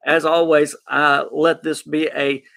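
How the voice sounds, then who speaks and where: Excited Southern man with a gravelly voice. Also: on the high side, unhurried. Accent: Arkansas Southern US. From Arkansas, US. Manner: excited, rambling, talks to chat. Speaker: gaming podcast host. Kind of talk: casual live-stream chat.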